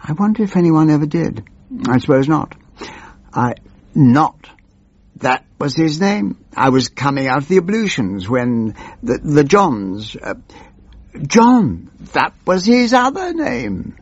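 A man playing a doddering, pompous old politician who rambles and loses his thread, in a gravelly, husky voice. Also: on the high side, very animated, a little slow, no echo, lo-fi sound, exaggerated voice. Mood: rambling. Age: older. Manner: meandering, wandering off and losing his thread. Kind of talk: comic character monologue.

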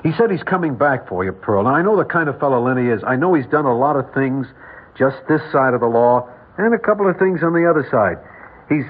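A man's voice: medium pitch, animated, fairly quick, close to an everyday voice. Give me a man playing a humble, hesitant middle-aged man in an old radio drama. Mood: earnest. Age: 40s. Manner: hesitant, earnest. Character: plain, modest filling-station owner, gentle and humble. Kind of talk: 1940s radio acting. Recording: tinny old radio broadcast.

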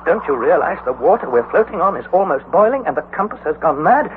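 Old radio drama: a nervous young nephew on an expedition, excitable and panicky, with a lively, swinging voice. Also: male voice, a little high. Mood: panicked. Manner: anxious, breathless, quick to panic. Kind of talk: 1940s radio acting. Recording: tinny, hissy old radio broadcast.

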